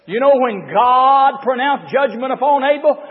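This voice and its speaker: Brief: impassioned male preacher, very high and lively voice, shouts then drops low, dull echoing hall recording. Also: a little slow. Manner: impassioned, swings between shouting and low murmurs. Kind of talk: fervent sermon to a men's gathering.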